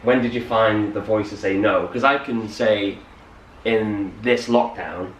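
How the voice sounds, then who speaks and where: A man's voice: fairly low pitch, a little slow, highs cut off. A young man chatting casually, rambling and acting out little quotes. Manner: rambling, animated quoting. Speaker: co-host. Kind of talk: casual morning chat. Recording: roomy, distant mic, faint hiss.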